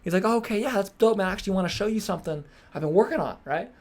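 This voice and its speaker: A young man hosting a podcast, telling a story in casual chat, acting out quotes and swearing freely. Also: high-pitched. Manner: fast, animated, swears freely, acts out quotes. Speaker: podcast host.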